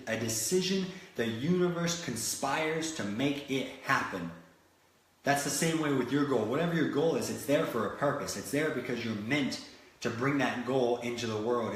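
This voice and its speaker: A man from Florida giving a motivational talk, telling stories animatedly with many restarts. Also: mid-range voice. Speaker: motivational speaker. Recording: very echoey room.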